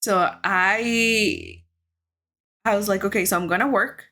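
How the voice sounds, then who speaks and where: A woman's voice: medium pitch, a little slow, pushed and bright. A woman co-hosting a podcast in casual chat, a native Spanish speaker who is blunt, laughs often and swears freely. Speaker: podcast co-host.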